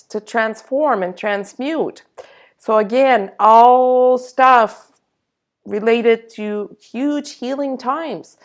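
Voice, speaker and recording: Slow-speaking woman giving a spiritual talk. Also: mid-range voice. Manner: slow, reassuring, searching for words. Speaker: spiritual channeler. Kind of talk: spiritual energy update monologue.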